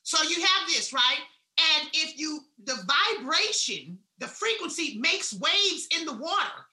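A woman giving a blunt, salty motivational talk, swinging between loud emphasis and hushed asides. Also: high-pitched, expressive, a little slow, echoey room. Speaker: wellness speaker.

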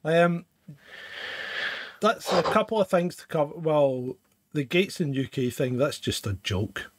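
A man's voice: on the high side, unhurried, no room sound, clean studio sound. A man co-hosting a live chat show, talking emphatically and swearing, ranting with rhetorical questions. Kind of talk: casual banter, live stream.

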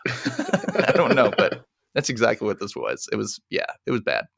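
A man's voice: mid-range voice, unhurried, creaky, no echo, studio quality. A man casually recapping a film plot and acting out the characters' lines in a chatty way. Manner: animated, acts out the characters' lines. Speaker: podcast co-host.

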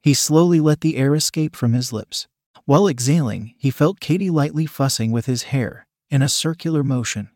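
A man narrating a scripted story in a measured, steady reading manner. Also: mid-range voice, dry recording, studio quality.

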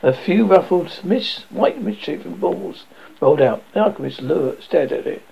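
A man reading a novel aloud in an amateur, halting way, often stumbling and restarting words. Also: high-pitched, lively intonation, creaky, mellow, slightly rough. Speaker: audiobook reader. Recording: dull lo-fi audio.

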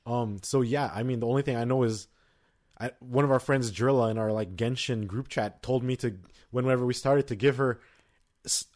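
A man's voice: mid-range voice, fairly even intonation, moderate pace, a little mellow. A man co-hosting a podcast in casual chat, rambling and full of fillers and restarts. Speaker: podcast co-host.

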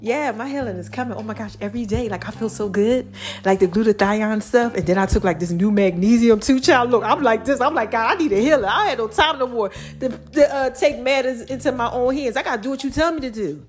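Animated woman hosting a faith podcast. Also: on the high side, brisk, faint music behind. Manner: preachy, playful, animated with slang. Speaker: podcast host. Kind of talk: casual motivational podcast talk.

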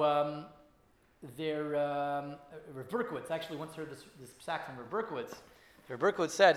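Fast-talking man teaching a Torah class. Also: fairly high pitch, a bit bright, echoey room. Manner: storytelling, many restarts and repeated words.

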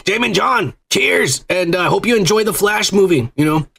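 Husky high-voiced man ranting crudely. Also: expressive, normal speed, fairly bright tone. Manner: crude, ranting, repeats "yeah" in strings. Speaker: podcast co-host. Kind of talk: casual podcast chat.

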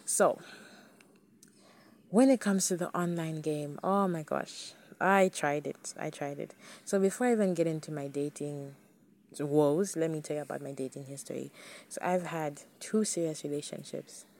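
Chatty low-voiced woman podcaster. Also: normal speed, warm tone. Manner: chatty, candid, addresses listeners as guys. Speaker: podcast host. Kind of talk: casual solo podcast talk.

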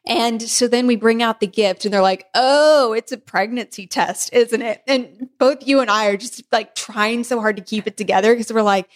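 A pregnant woman co-hosting a podcast, telling a story in a casual, animated way with frequent laughs. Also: on the high side, moderate pace, few pauses. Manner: animated, laughing often, acting out family members' lines. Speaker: podcast co-host.

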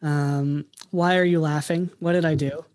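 A man's voice: on the high side, steady tone, a little slow, darkish tone. A man hosting a casual soccer podcast, talking with many ums and uhs as he moves between segments. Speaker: podcast host.

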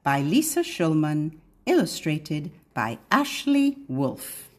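A woman's voice: very animated, takes it slowly. Sing-song woman hosting a toddler podcast. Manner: playful, sing-song, exaggerated pitch swings for toddlers. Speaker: children's podcast host. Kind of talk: sing-song children's lesson with rhymes.

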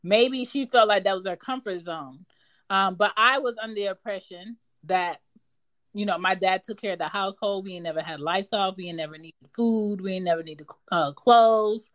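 Thirties mother from Philadelphia, frank and unfiltered, ordinary pitch, conversational. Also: normal speed, fairly bright tone, dry recording. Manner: candid and blunt, with casual swearing. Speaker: mother of daughters. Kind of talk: casual chat.

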